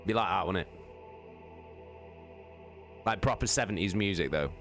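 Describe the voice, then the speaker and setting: A man's voice: low voice, moderate pace, a bit bright, soft background music. A man rambling jokily and swearing as a streamer chats on a live stream. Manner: rambling, jokey, swears a lot. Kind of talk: casual live-stream chat.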